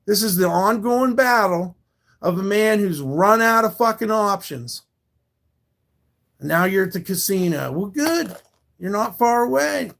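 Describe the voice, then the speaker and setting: A man's voice: high voice, creaky, a bit bright. A man live streaming, talking back to his viewers in a confrontational, profane rant.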